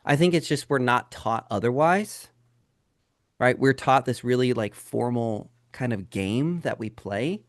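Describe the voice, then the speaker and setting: A man's voice: medium pitch, expressive, a little slow, dry recording, clean studio sound. A man teaching a live sales webinar, talking straight to his audience and firing rhetorical questions at them. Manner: addresses listeners directly as "guys". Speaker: real estate sales trainer.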